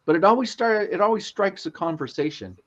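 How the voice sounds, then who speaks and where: A middle-aged man hosts a livestream with a high-sitting, expressive voice that moves briskly and has a fairly bright tone. He reads viewer comments aloud and tells casual, chatty anecdotes. The audio is lo-fi livestream quality.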